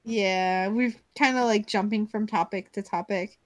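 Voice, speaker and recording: Slow, rambling woman streamer, dry sound. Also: mid-range voice, fairly even intonation, dry recording. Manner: rambling, giggly, jumps between topics. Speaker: host of a live stream. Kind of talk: casual chat. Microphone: video call.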